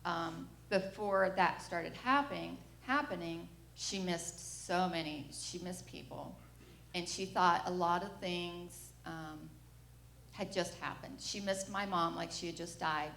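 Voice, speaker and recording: A middle-aged woman with a fairly low voice gives a personal testimony in a church. She tells her story frankly and acts out the quoted lines. Her voice rings in an echoey room over a faint hum of ambience. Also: slow pace, creaky, fairly bright tone. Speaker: mother giving a church testimony. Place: church sanctuary.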